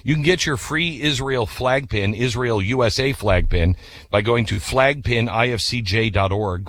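A radio host man telling an animated story in a chatty way, then reading ads. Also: lowish voice, a little slow, a little hiss or hum. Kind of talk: storytelling and ad reads.

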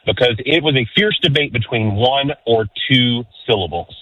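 A man calling in to a sports radio show, friendly and a bit halting as he talks. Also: medium pitch, no room sound. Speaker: caller. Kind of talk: casual call-in chat. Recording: tinny phone line.

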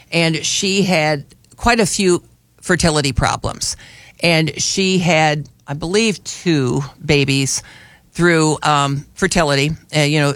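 Older radio host guy, rambly storyteller, bit high voice, dry studio mic. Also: fairly bright tone, no room sound. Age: 60s. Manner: chatty storyteller, frequent restarts. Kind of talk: casual talk radio chat.

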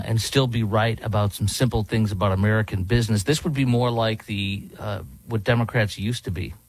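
A man's voice: lowish voice, no echo, poor audio. A man guest-hosting a talk radio show, speaking in a casual, conversational way with frequent fillers and restarts.

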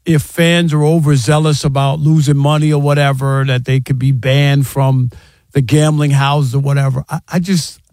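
A man hosting sports talk radio, arguing his point emphatically and acting out fans yelling. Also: mid-range voice, level tone, moderate pace, no echo, studio quality. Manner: emphatic, argumentative, acts out fans' yelling.

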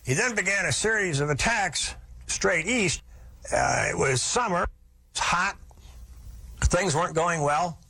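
A man's voice: high voice, lively intonation, measured pace, creaky, pauses often, pushed and bright, husky. A man telling a historical story in a folksy, vivid lecturing manner, with asides to his listeners.

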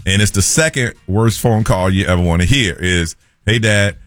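A man, a morning radio host telling a story in an animated way and acting out the people in it. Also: low-pitched, normal speed, no room sound, soft background music. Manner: animated storyteller, acts out quoted voices.

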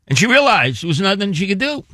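A man's voice: high voice, big pitch swings, fast talker, pushed and bright, no room sound, studio quality. A man on a talk show, telling a story in a rambling, emphatic way with asides.

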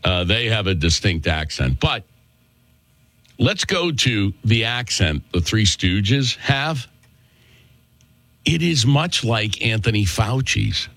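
A man's voice: on the low side, very animated, slow, long pauses, fairly bright tone, no room sound. A male talk show host with a Worcester, Massachusetts accent, delivering a chatty, opinionated monologue and calling listeners folks.

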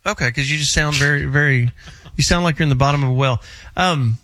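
A man hosting a call-in radio show, teasing and haggling with a caller in a brash, loud way. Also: on the high side, fast, dry recording. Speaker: radio show host, car buyer.

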